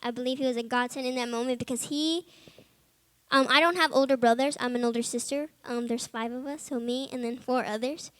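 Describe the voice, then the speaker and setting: A young woman, a Bible college student, giving a personal testimony to fellow students, informal and earnest with many "like"s and "um"s, growing quiet in heavy moments. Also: fairly high pitch, fairly even intonation, fairly quick, dry recording. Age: young adult.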